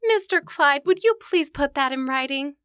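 Scatterbrained young secretary, old radio sitcom, high sweet voice. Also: female voice, expressive, normal speed, a bit bright, no echo, clean studio sound. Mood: naive. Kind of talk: 1940s radio sitcom acting.

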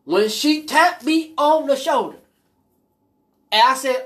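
A woman hosting a podcast, telling personal stories in a blunt, profane, animated way. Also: sits high, slow. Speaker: podcast host. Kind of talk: casual monologue storytelling.

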